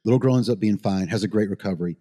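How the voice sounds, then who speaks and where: Fast-talking husky man in a reverberant room. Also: fairly low pitch, dark tone. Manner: fast, rambling, swears freely, emotional. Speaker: paramedic guest. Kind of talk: casual storytelling interview.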